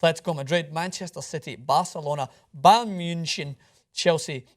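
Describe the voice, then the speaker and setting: A man hosting a casual sports talk show, quick and joking, with a touch of self-deprecating humor. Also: on the high side.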